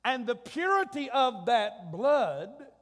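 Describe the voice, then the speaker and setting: A man preaching with a drawl, his voice strikingly high for a man and ringing through a long, echoing church hall. He spins a folksy, comic story and then climbs into drawn-out shouts at the big points. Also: big pitch swings. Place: church sanctuary.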